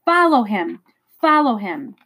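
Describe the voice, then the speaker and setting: A woman voicing a stern older female guardian who shouts urgent warnings in a storybook reading. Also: on the high side, big pitch swings, measured pace, slightly rough, exaggerated voice.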